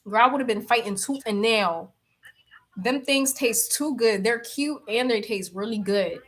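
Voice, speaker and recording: A woman's voice: fairly high pitch, unhurried. A young woman chatting casually on a livestream, reading comments aloud, blunt and laughing often. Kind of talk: casual chat.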